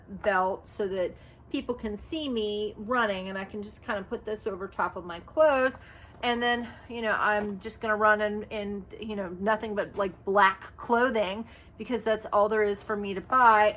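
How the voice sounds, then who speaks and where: A woman's voice: mid-range voice, a bit bright, a little hiss or hum. A woman vlogging in a casual, chatty way, telling a story with many fillers and tag questions like "right?" and "okay?", sounding indignant and exasperated.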